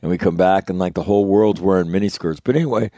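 A middle-aged man, a retired Marine, telling a rambling, animated and profane story in a casual monologue. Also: low voice, quick pace, no echo, muffled recording.

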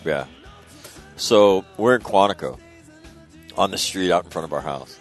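A middle-aged talk radio host with a deep voice tells stories at an unhurried pace, casual and animated, swearing freely and loudly acting out other people's voices. Faint music plays behind him.

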